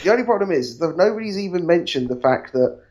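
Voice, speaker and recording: A man's voice: high voice, lively intonation, quick pace, darkish tone. A man co-hosting a casual wrestling podcast, sarcastic and fond of mocking people in quoted voices. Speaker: podcast co-host. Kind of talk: casual chat.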